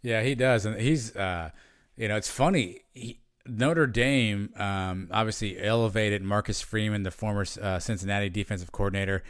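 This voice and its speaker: A man's voice: fairly low pitch, moderate pace, smooth, dry recording, clean studio sound. A man co-hosting a casual sports podcast, chatting with many fillers and restarts. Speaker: podcast co-host.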